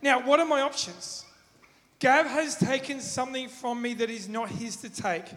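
A man's voice: very high-pitched, fairly even intonation, normal speed, fairly bright tone. A man preaching in a casual, conversational way, asking the audience questions and acting out everyday examples. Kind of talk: sermon. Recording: long reverb in a hall.

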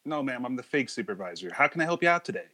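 Man doing a smarmy supervisor, prank call, condescending, patronizing, bright forceful tone, lively pitch. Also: exaggerated voice. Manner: patronizing, slow and soothing, then insulting. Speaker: prank caller in a put-on character.

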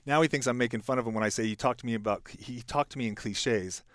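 A man's voice: medium pitch, fast talker, fairly bright tone, no echo. A middle-aged man talking as a podcast guest, telling a reflective story with lots of restarts and fillers. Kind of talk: casual podcast conversation.

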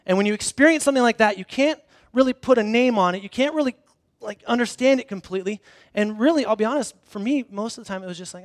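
High-voiced man preaching casually. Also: fast talker, dry recording, clean studio sound. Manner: casual storytelling with frequent restarts; self-deprecating humor. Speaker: pastor. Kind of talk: conversational sermon. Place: church hall before a congregation.

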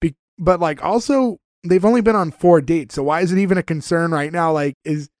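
A man's voice: a little high, a little fast, darkish tone, no room sound, studio quality. A man hosting a podcast, recapping a TV episode in rambling casual chat with many fillers. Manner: rambling, with frequent fillers and restarts. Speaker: podcast host.

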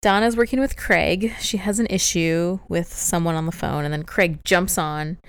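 Chatty woman co-host, smooth clear tone, laughs a lot, casual at-home recap. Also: lowish voice, steady tone, normal speed. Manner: giggly, laughs often. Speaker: podcast co-host. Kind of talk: casual chat recapping a TV show. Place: home, with a cat.

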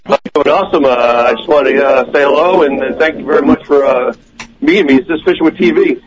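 A man calling in to a show, loud and grateful. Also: fairly high pitch, fast. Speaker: caller. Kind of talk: call-in chat. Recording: lo-fi call with crowd behind.

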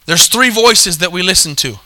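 A man's voice: high voice, lively intonation, normal speed, pushed and bright. A man preaching a sermon, calling for amens, repeating his points and correcting himself mid-sentence. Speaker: pastor.

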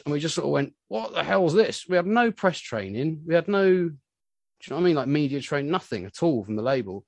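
Rambling, animated male musician. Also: mid-range voice, no room sound. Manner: rambling, animated storytelling full of "you know". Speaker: musician guest. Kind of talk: casual interview chat.

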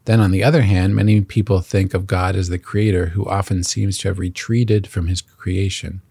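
A man's voice: deep voice, little pitch movement, moderate pace, creaky, dark tone, slightly rough, no room sound. A man hosting a Catholic podcast, reading an earnest scripted reflection that includes long quotations.

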